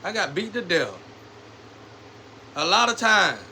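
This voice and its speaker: A high, bright-voiced man rants to his camera in street slang, preachy and animated. He drifts between scolding and telling his own story. A faint hum of ambient noise sits behind him. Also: a little slow. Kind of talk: casual rambling monologue.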